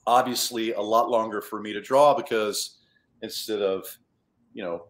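A man's voice: lowish voice, steady tone, normal speed, roomy sound, a little hiss or hum. A man, a children's author and illustrator, talking casually and self-deprecatingly at a storytime. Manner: chatty, self-deprecating, rambling.

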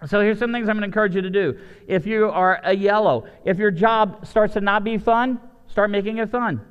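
Pastor man, high smooth voice, big echoey church hall sound, storytelling with energy. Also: fairly quick, lo-fi sound. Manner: animated storytelling, shifts from excited highs to low asides. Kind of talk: lively sermon with acted-out voices.

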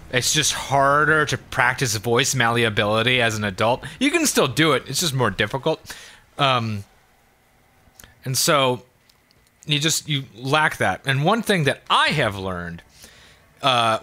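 A man's voice: medium pitch, expressive, unhurried, sharp tone. A man hosting a let's play, rambling in a loose and profane way with many fillers. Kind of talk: casual commentary while gaming.

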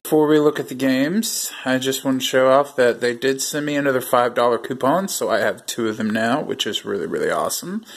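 Guy doing a casual unboxing video, talks straight to the viewers as he goes through the box, middle-pitched voice. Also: fairly quick, creaky, few pauses. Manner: chatty, talks to viewers while handling items. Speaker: video host.

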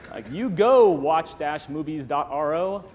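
A man giving a lively, joking conference talk on stage, restarting sentences often. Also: fairly high pitch, noisy background. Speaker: conference speaker. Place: large conference hall. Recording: long hall reverb.

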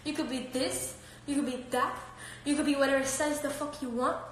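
A woman's voice: sits high, fairly even intonation, a little fast, slight background noise. A woman hosting a casual live stream on her phone at home, brash, profane and laughing often as she chats and talks to her dogs. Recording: echoey room.

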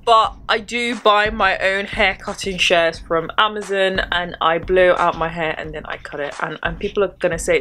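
A woman's voice: fairly low pitch, normal speed, few pauses, pushed and bright, slight background noise. A woman chatting casually about hair care tools, with rambling, self-deprecating asides. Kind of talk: casual chat.

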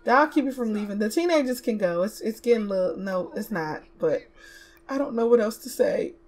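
A woman's voice: mid-range voice, animated, a little fast, darkish tone. A woman giving casual let's-play commentary, chatting to her game characters as she plays. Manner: chatty, talks to the game characters, slips into Southern US slang. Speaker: gaming YouTuber.

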